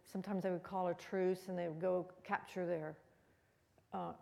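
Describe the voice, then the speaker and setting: A woman's voice: fairly low pitch, flat delivery, moderate pace, vocal fry, darkish tone, long reverb tail. A woman giving a conversational, rambling history talk as a guest speaker in a museum room.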